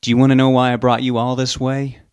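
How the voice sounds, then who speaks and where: A man voicing a menacing, mocking middle-aged father who holds a gun, with a loud, taunting delivery. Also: mid-range voice, monotone, quick pace, clear, resonant tone, no echo, voice pushed up, lightly acted.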